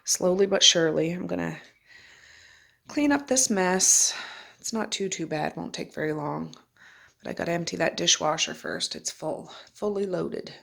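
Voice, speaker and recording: On the low side and a bit bright, with vocal fry, her voice keeps a fairly even intonation at a moderate pace. She's a middle-aged mother vlogging a day in her life on a handheld phone, talking homely and chatty to viewers from her Nova Scotia home and car.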